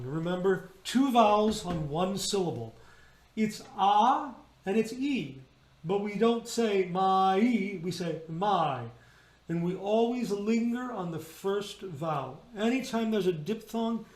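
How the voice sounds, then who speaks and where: A high-pitched man teaches a choir how to shape their sounds, stopping again and again to demonstrate a vowel or consonant aloud. His voice rings out in a roomy, echoey space. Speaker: choir director. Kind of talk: rehearsal teaching on singing diction. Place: indoors, remote rehearsal video.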